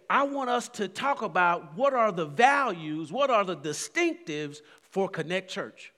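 High-voiced preaching pastor in a reverberant hall. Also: male voice, a bit bright. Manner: preaching with rising fervor and repetitions. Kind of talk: sermon.

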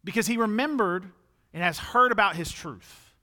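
A young man delivering a sermon with a bright, forward tone and a slightly higher voice than most men. He talks conversationally, then lifts into emphatic peaks when he drives a point home. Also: animated, normal speed. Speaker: preacher.

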